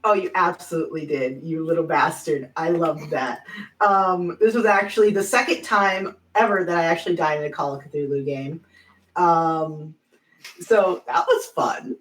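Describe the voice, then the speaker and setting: A woman player signs off a game stream in a playful, teasing way. Her voice sits a bit low, and she is heard from a distance in an echoey room. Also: steady tone, normal speed. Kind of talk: casual sign-off chat. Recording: roomy, distant mic.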